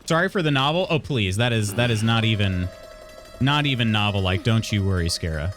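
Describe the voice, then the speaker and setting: A man's voice: on the low side, expressive, a little fast, a bit bright, faint music behind. A man from Illinois casually chatting while streaming a video game, reading chat aloud and laughing often.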